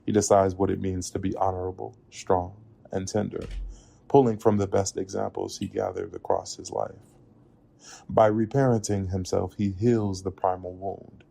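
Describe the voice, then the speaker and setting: A man narrating a reflective spoken essay in a measured, earnest way. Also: sits low, little pitch movement, vocal fry, mellow. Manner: measured, earnest, with occasional laughs at slips.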